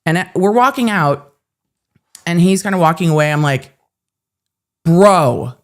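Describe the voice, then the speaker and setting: A woman host telling a personal story in casual livestream chat, animated and self-mocking, with some swearing. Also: fairly low pitch, moderate pace.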